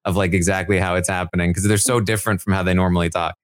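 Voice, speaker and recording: A man co-hosts a podcast in casual conversation, rambling with many fillers and restarts. His low-pitched voice stays level and he speaks very fast. The recording is dry and of studio quality.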